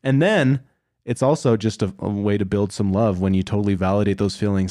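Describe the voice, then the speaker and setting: A man's voice: on the low side, steady tone, brisk, warm tone, dry recording, studio quality. A young man co-hosting a casual advice chat, earnest and encouraging, with many "like" and "you know" fillers. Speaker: podcast co-host.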